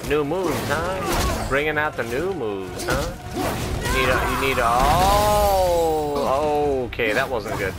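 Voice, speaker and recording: A man's voice: mid-range voice, normal speed. Man trash-talking over a game. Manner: playful trash-talk to the screen. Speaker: gamer. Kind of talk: let's play commentary. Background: loud game music.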